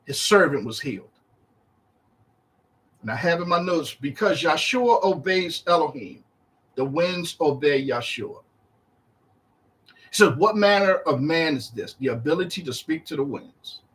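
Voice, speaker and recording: A man teaching through a Bible chapter verse by verse in a casual, animated way, acting out the speakers in the text. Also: a little slow, pauses often. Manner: animated, acts out the disciples' and Yahshua's words in a higher voice; conversational, uses slang while reading verse by verse.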